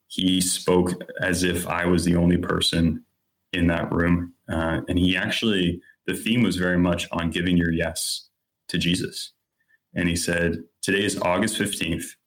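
Low-voiced man telling his story. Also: little pitch movement, a little slow. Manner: earnest, candid, lots of "like" and "you know". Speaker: podcast guest. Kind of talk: personal storytelling in conversation.

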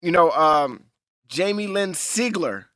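A man co-hosting a casual podcast chat, joking loudly and hyping in playful bursts. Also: a little high, expressive, slow pace, no room sound, clean studio sound. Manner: loud, playful, shouty hype bits. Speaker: podcast co-host.

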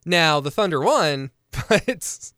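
A man's voice: a little high, very animated, slow pace, a bit bright, no echo, clean studio sound. A young man co-hosting a sports podcast, chatty and analytical in casual talk, laughing easily.

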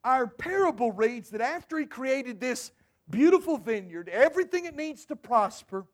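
A man's voice: very high-pitched, sing-song, moderate pace. A man preaching a sermon to his congregation, emphatic and storytelling. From United States. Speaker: pastor.

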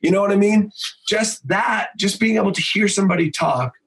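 Animated high-voiced man talking shop. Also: vocal fry, low-quality recording. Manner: animated, swears freely, slips into quick voices. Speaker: voice actor and improv teacher. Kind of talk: casual podcast interview.

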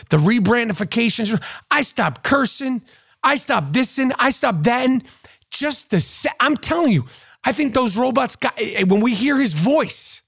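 A man and podcast host ranting to camera, crude and mocking, often repeating himself. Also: high voice. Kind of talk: profane ranting monologue to camera.

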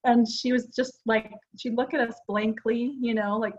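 A woman's voice: on the high side, flat delivery, normal speed, a little mellow, lo-fi sound. A woman in her forties co-hosting a podcast, talking casually and earnestly with plenty of fillers. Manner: chatty and earnest, with frequent fillers. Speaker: podcast co-host. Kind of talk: casual chat.

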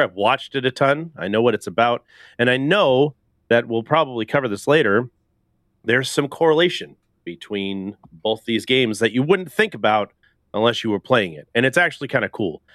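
A man's voice: mid-range voice, expressive, brisk, a bit bright, no echo, clean studio sound. A man hosting a casual gaming podcast, rambling loosely and laughing often. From Canada. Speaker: podcast host.

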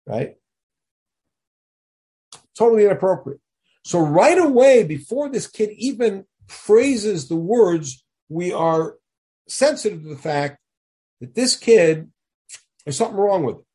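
A man teaching a text study lesson, explaining and questioning in an emphatic, animated way. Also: sits high, a little slow, long pauses, husky. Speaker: Torah teacher.

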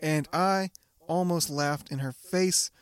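A man's voice: a little high, slow pace, clear, resonant tone. Laughing, swearing young man chatting. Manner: laughs often, swears casually. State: getting sick, off all day. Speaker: podcast co-host. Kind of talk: casual chat.

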